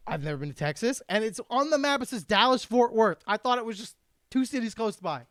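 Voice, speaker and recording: A man's voice: very high-pitched, expressive, fairly quick, a bit bright, dry recording, studio quality. A man with a New York accent hosting a podcast, rambling casually and swearing freely. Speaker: podcast host.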